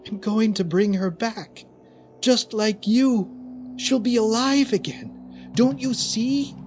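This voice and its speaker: A man voicing a calm, unhinged woman who whispers and murmurs in a creepy, soothing way, pitched above his own voice. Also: slow, a little hiss or hum. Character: eerie woman, calm and unhinged, softly doting.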